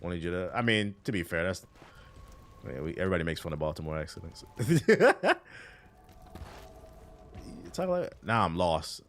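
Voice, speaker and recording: A man's voice: sits low, sing-song, normal speed. A man with a Washington, D.C. accent casually chatting on a gaming stream, using loose, profane slang and answering chat while he plays. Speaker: livestreamer.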